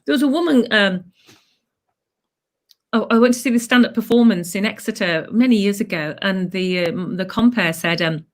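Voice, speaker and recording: A woman's voice: mid-range voice, normal speed. A woman guest in a casual chat, telling rambling anecdotes with restarts and acted-out quotes.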